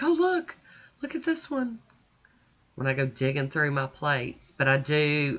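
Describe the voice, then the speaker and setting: A woman's voice: very deep voice, pushed and bright. A woman chatting casually as she narrates a nail art tutorial voice-over, folksy and self-deprecating. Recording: slightly dull lo-fi audio.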